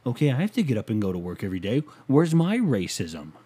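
A man's voice: medium pitch, huge pitch swings, quick pace, mellow, slightly rough. A man hosting a casual, comedic rant show, talking in a profane, sarcastic and rambling way.

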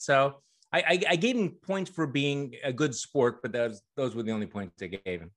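A man's voice: mid-range voice, normal speed. A man answering interview questions as a guest, telling stories fluently and with emphasis.

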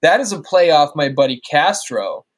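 A man's voice: on the high side, big pitch swings, normal speed. A man talking as a guest on a podcast, telling stories casually, swearing and laughing easily. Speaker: podcast guest and wrestling-game streamer.

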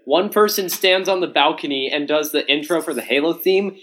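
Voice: mid-range voice, brisk, a bit bright. Teen podcast host, casual group chat, keeps saying "all right", wraps up episodes. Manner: steers the talk with repeated "all right".

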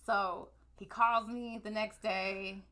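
A woman, co-hosting a podcast and telling a long, profane story in a loose, animated way. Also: medium pitch, slow pace, noisy background. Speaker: podcast co-host. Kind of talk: casual storytelling chat.

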